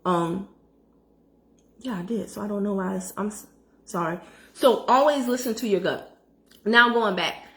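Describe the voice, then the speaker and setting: A middle-aged woman telling a personal story to her viewers in a casual, animated way, talking straight to the audience. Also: medium pitch, unhurried, long pauses. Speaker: credit education vlogger. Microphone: phone.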